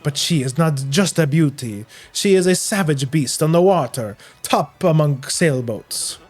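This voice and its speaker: A man's voice: a little high, lively intonation, measured pace, darkish tone, faint music behind. A man voicing a vain, flamboyant male merchant with a put-on Spanish accent, reading a game's dialogue aloud. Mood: boastful. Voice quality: flamboyant, grandiose, dramatic.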